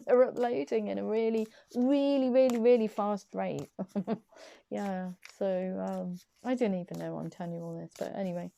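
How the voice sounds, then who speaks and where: A woman's voice: a little high, normal speed, gravelly, warm tone. A woman giving a casual, chatty tarot reading. She rambles enthusiastically and giggles often, filmed in a small room on a desk camera. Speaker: tarot card reader. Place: small room at her parents' home. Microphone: camera on a small desk tripod.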